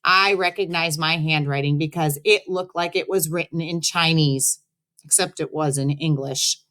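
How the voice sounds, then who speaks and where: A woman teacher reading a children's chapter book aloud to her students in an expressive, friendly way. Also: low-pitched, moderate pace. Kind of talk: read-aloud storytelling.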